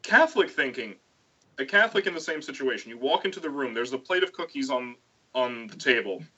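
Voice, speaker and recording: Bright, animated man on a lo-fi stream. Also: fairly quick, slightly rough. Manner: animated storyteller who swings into high put-on voices. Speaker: stream host. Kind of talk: casual chat.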